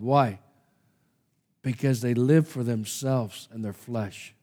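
A man preaching a sermon, reading scripture aloud and swinging from hushed asides to loud, emphatic passages. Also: mid-range voice, takes it slowly. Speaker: pastor.

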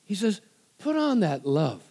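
A man preaching a sermon with a high, bright-toned voice that swoops up and down with great animation. He drives his points home by repeating short commands and calling out for amens from the congregation. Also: big pitch swings, a little slow. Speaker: pastor.

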